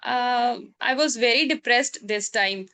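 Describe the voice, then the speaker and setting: A woman with a high voice talks over a video call as a doctor recounting her exam, sounding overwhelmed. She hesitates often, filling her speech with "uh" and restarts. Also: a little slow, bright, forceful tone, smooth. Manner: hesitant, with many "uh" fillers and restarts, laughs often. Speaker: doctor, a student who passed an exam. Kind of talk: emotional call testimony.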